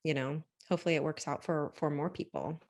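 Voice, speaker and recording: A woman attorney speaking as a guest in a casual panel discussion, earnest and measured, with frequent "um"s and "you know"s. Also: low voice, fairly even intonation, a little mellow. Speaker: litigation attorney, podcast guest.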